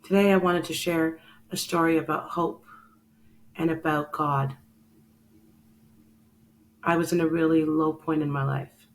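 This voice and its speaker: A woman's voice: deep voice, poor audio. A woman hosting a show, telling a personal story in an earnest, emotional way and speaking straight to the listener. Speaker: podcast host.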